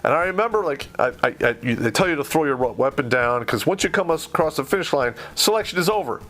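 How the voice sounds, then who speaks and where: A man's voice: a little high, lively intonation, fast talker, a bit bright. A middle-aged man from Michigan telling a war story in casual, blunt, profanity-heavy podcast talk. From Michigan, USA. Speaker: podcast host.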